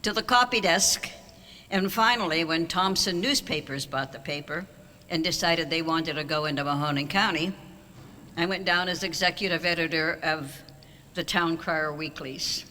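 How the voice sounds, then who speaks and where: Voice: medium pitch, normal speed, sharp tone. An older speaker giving a wry, anecdotal banquet speech as an award honoree, at a podium microphone in a large auditorium. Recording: long hall reverb.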